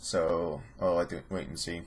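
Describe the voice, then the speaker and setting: A man's voice: low voice, steady tone, moderate pace, a little hiss or hum. A man hosting a casual vlog who rambles with profane sarcasm. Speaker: host.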